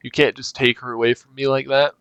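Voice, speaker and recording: A man's voice: mid-range voice, level tone, brisk, fairly bright tone, clean tone, no room sound, highs cut off, natural voice. A man voicing a furious young woman held captive in a game, speaking angrily and defiantly. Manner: angry, defiant.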